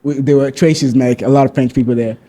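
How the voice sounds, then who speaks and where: A man's voice: medium pitch, steady tone, a little fast, dark tone. Upbeat male podcast host. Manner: upbeat, leads the segments. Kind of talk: casual podcast chat.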